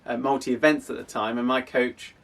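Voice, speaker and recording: A man's voice: mid-range voice, fairly even intonation, moderate pace, a bit bright, recorded from a distance. Man explaining athletics clubs. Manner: conversational, with frequent restarts. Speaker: athletics club coach and host. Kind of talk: casual explanatory talk.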